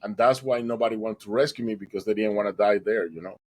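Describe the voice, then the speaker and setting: A man's voice: lowish voice, fast, rough recording. A man guest on a podcast, earnestly telling a dramatic personal story and acting out what people said. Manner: earnest, dramatic retelling with acted quotes.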